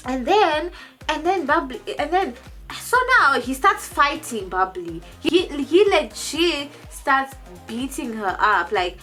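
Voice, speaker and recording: A young woman casually telling a personal story in a vlog, animated and jumping into high quoted voices, often restarting and repeating words. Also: a little slow, soft background music. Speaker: vlogger.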